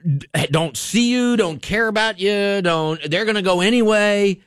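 A man hosting a radio talk show, talking in an opinionated, animated way with frequent restarts. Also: sits high, measured pace, smooth, no room sound, clean studio sound. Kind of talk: casual radio chat.

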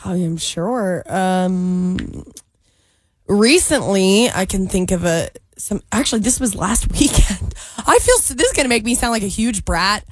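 A woman's voice: mid-range voice, lively intonation, a little slow, no echo. A young woman in her twenties, co-hosting a morning radio show and telling a story in a chatty way with fillers and giggles. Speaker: radio co-host. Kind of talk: casual morning radio chat. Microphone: studio microphone.

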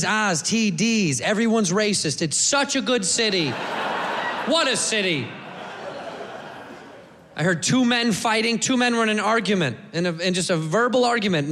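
A man doing a stand-up comedy set, loud and brash, acting out the voices of people in his bits. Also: high voice, moderate pace, long reverb tail.

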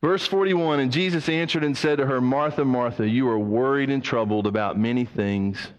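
Emphatic pastor preaching in a hall. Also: male voice, mid-range voice, normal speed, few pauses, clean tone, highs cut off. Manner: emphatic, swings between raised and hushed delivery. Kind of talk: sermon.

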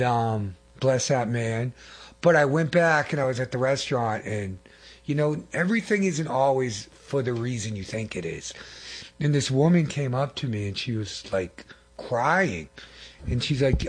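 A young man shares church testimony in a husky, slightly breathy voice. He talks earnestly and rambles, often restarting his sentences and filling pauses as he goes. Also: mid-range voice. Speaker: lay preacher giving testimony. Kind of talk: testimony sermon.

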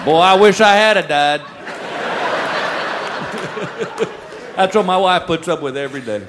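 A man's voice: high-pitched, lively intonation, slow pace. A middle-aged man doing stand-up comedy, telling folksy, self-mocking stories about his own mishaps. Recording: live show with audible audience noise.

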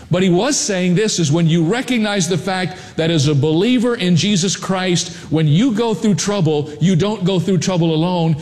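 A man preaching a sermon in earnest storytelling, slowing down to stress key lines. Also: a little high, darkish tone. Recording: long hall reverb.

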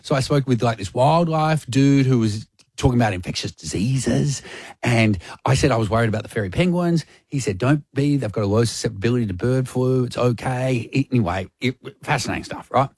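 A man on breakfast radio tells a story, switching into other people's voices as he quotes them. He speaks at a middle pitch, and the studio sound is close and dry. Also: a little fast, slightly rough, no room sound. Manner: animated, acts out quotes. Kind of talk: casual storytelling chat.

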